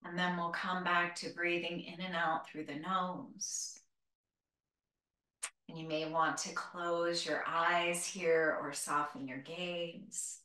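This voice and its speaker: A woman teaching a live group yoga class, giving calm, gentle cues and a little out of breath. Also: lowish voice, slow pace. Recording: roomy, from a distance.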